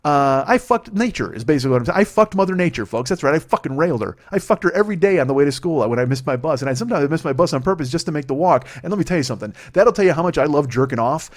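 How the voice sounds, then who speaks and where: Foul-mouthed 40s guy from illinois rambling thru a story, talks quick, mocks himself nonstop. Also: medium pitch. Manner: rambling, heavily profane, self-mocking. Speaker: podcast host. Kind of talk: comedic storytelling monologue.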